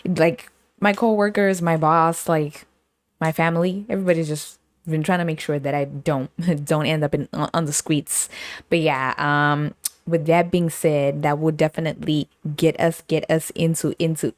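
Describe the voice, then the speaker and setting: A young woman from Canada hosting a podcast, telling her week's story in a casual, animated way and acting out the people in it. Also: low-pitched, no echo, studio quality. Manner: animated storytelling with laughs and acted-out quotes. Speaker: podcast host. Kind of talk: casual chat.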